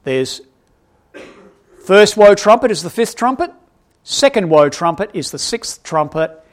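A man's voice: high voice, a little slow. A man preaching an expository Bible lesson, quizzing his audience and correcting himself as he goes. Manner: animated, asks the audience questions, self-correcting.

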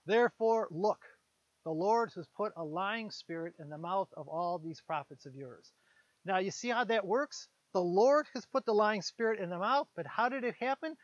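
A man with a high voice preaches a casual sermon, retelling a Bible story and slipping into quick voices for its characters. The sound is dry and a little dull, like a lo-fi recording. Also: dry recording. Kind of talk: conversational sermon.

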